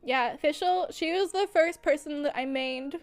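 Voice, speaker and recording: A young woman streams with a high-pitched, slightly slow voice over faint background music. In casual livestream chat she gushes, leaning on fillers and giggling often mid-sentence.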